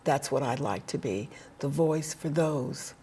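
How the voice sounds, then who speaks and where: A woman guest in an interview, speaking earnestly about faith and helping others, with frequent hesitant pauses. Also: a bass voice, warm tone, slight background noise. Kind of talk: heartfelt conversational interview.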